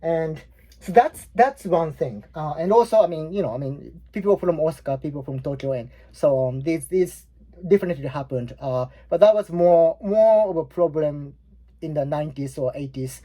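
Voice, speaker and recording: A man's voice: on the high side, moderate pace, mellow. A man in his forties with a Japanese accent, teaching a language lesson in a loose, rambling way full of fillers and restarts. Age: 40s. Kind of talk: casual explanatory lesson.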